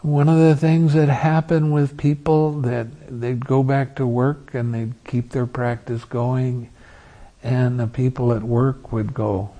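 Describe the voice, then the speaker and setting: Slow, mellow-voiced meditation teacher. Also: male voice, mid-range voice, little pitch movement, poor audio. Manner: acts out students' complaints. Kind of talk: dharma talk.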